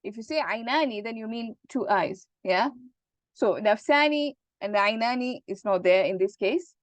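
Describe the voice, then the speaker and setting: A woman teaching Arabic grammar in an online class, explaining slowly and checking that students follow. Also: a little high, expressive, dry recording. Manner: patient, repeats points and checks understanding.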